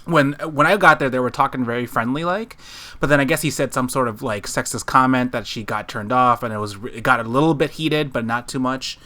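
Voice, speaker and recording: A man of average pitch tells a story on a casual podcast. He rambles, restarts his sentences and fills the gaps with fillers as he goes. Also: fairly quick, bright, forceful tone. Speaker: podcast co-host. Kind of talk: casual chat. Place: living room.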